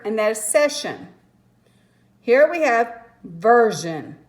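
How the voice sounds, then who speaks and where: A woman teacher explains a phonics lesson in an unhurried, measured way. Her voice sits a little high, and she is patient and goes step by step. She adds small apologetic asides as she works through each word.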